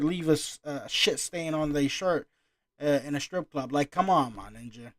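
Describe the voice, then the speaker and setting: A man's voice: fairly high pitch, normal speed, no echo. A man ranting through a casual reaction commentary, annoyed and swearing often. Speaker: reaction streamer.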